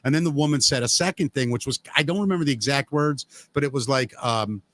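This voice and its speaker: A man's voice: medium pitch, fast. A man chatting on a podcast, spinning an everyday anecdote. His voice sits in the middle range for a man. He slips into the voices of the people he quotes. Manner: animated storyteller acting out quoted voices. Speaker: podcast co-host. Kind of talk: casual chat.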